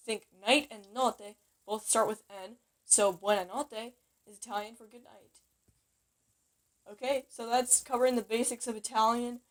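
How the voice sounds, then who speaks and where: A woman's voice: on the high side, steady tone, moderate pace. Woman, casual self-taught teacher, chatty and playful, trips over herself and corrects on the fly. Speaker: language teacher. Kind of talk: casual home-made lesson.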